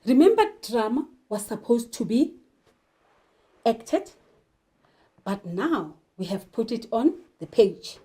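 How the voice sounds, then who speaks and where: A woman's voice: on the high side, very animated, takes it slowly, long pauses, dark tone, rough recording. A woman teaching a literature lesson, talking emphatically and putting questions to her learners. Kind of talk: televised classroom lesson.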